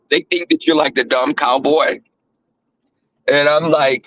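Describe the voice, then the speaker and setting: A man's voice: a little high, unhurried, bright, forceful tone, no room sound, poor audio. A middle-aged man with a Southern US accent talks to viewers in a blunt, profane, casual monologue, full of fillers and restarts. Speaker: online talk host.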